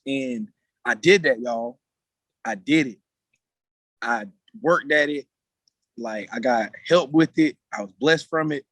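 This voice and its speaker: A man's voice: medium pitch, slow, pauses often, a bit bright, no room sound. A man speaking casually on a video call, earnest and slangy, holding back emotion. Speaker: meeting guest speaker.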